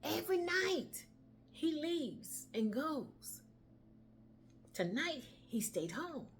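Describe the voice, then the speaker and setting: A woman's voice: sits high, extremely slow, slight background noise. A woman telling a dramatic story aloud, acting out the dialogue and dropping into whispers. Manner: expressive, acts out dialogue, drops to whispers.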